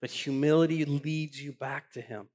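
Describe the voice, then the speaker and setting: Impassioned preaching man, higher voice. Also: fairly even intonation, normal speed, a little mellow. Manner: impassioned preaching, repeats words when building up. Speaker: pastor. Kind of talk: sermon.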